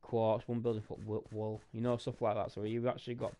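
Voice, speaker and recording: A man's voice: on the low side, little pitch movement, fairly quick, dark tone. A tired man, thinking aloud as he plays a building game. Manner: thinking aloud, rambling and musing. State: tired and sleepy. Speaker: gaming streamer. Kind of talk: casual gameplay commentary. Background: background music.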